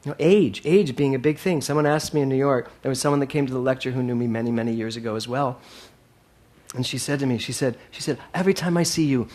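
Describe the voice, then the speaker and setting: A minister with a medium-pitched voice preaches a sermon to his congregation. He repeats his key phrases and swings between loud, emphatic lines and soft asides.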